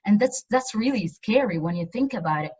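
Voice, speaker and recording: Woman lecturer, earnest and emphatic, mid pitch, muffled video-call audio. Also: animated, a little fast, a little mellow, slightly rough. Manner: earnest, emphatic with frequent repetitions. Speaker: university lecturer. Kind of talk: online lecture.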